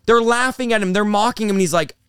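Excited preacher dude in his 30s, talks nonstop, smooth clear voice, kinda high. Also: no room sound, studio quality. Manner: animated, rapid-fire, says bro and dude. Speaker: pastor and revivalist, interview guest. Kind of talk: excited conversational storytelling.

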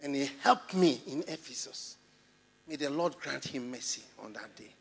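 A man with a Ghanaian English accent preaching a sermon in a church, animated and often laughing as he mimics people's excuses. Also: medium pitch, normal speed. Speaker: pastor. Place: large church hall.

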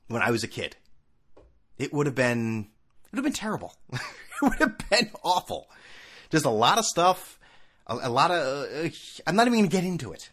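A man's voice: on the high side, fairly bright tone, husky. A man hosting a sports talk show, ranting sarcastically in a casual monologue full of asides. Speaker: sports podcast host.

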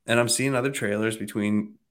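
Slightly low-voiced man telling a story. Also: a little fast. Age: adult, married. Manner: animated storyteller, acts out voices, swears freely. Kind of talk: casual storytelling chat.

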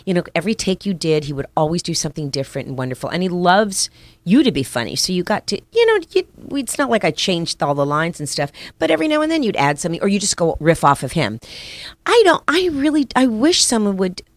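A woman's voice: on the low side, very animated, fast, no echo. A woman actress, chatting casually in an interview with lots of fillers and restarts. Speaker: actress guest.

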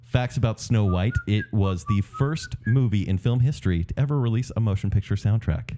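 A man's voice: fairly low pitch, brisk, background noise. A man in casual podcast chat, teasing and joking with mock outrage.

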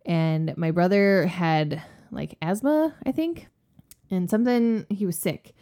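A woman's voice: on the low side, takes it slowly. A woman cohosting a podcast, telling a family story in a casual chat and acting out the people in it. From West Virginia. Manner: lively storyteller, acts out quoted voices.

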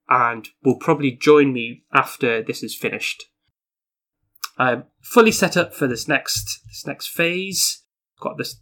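A man's voice: on the high side, fairly bright tone. A man playing a card game solo, reading story text aloud and talking through his moves. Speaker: solo board game player. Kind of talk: casual playthrough with read-aloud story text.

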